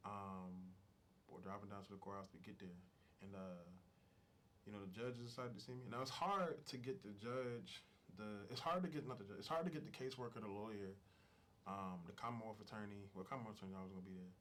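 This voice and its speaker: A young man with a lowish voice tells his own story in a frank, emotional way. He talks quickly and loosely, with casual slang and plenty of fillers. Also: a bit bright, a little hiss or hum. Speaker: interview guest. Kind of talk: candid personal storytelling.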